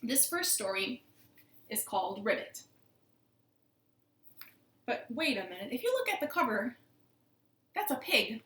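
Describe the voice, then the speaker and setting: A woman's voice: on the high side, moderate pace, pauses often, reverberant. A woman librarian reading a picture book aloud to children from her living room, playful and asking them questions. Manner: animated and playful, asks the kids questions.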